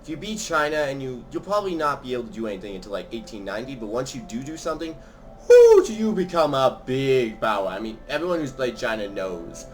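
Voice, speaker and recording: Man, gaming host, quick chatty talker with a theatrical streak, middle pitch. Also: sing-song, a bit bright, soft background music. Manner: fast-talking and chatty; theatrical, changes voices for fun. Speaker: let's play host. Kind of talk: casual gaming commentary.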